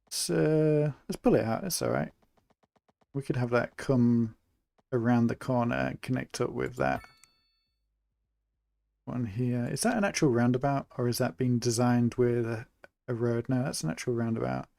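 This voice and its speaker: A young Englishman gives relaxed, chatty live commentary on a city-building game, thinking aloud as he builds. His middling voice has a gravelly, fried edge and comes at normal speed with long pauses. The sound is dry and close, with no room or echo.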